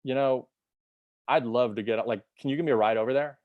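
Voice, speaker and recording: A man's voice: medium pitch, fast, phone-quality sound, lightly acted. A man voicing a sly male spider in a fable he tells, in a casual, pleading way. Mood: coaxing.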